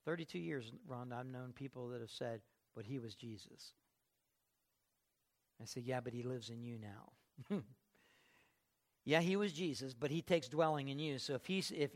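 A man preaching a sermon in an emphatic way, building to loud bursts and acting out the people he quotes. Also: mid-range voice, gravelly.

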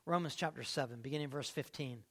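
A pastor with a mid-range voice preaches a sermon, putting questions to the congregation. His lines swing from loud and drawn-out to hushed.

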